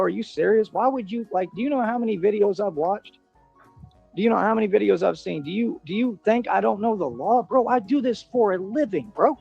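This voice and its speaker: A man's voice: high voice, gravelly, darkish tone. A man in a played video ranting defiantly and boastfully in street slang. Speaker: self-styled independent detective in a played video.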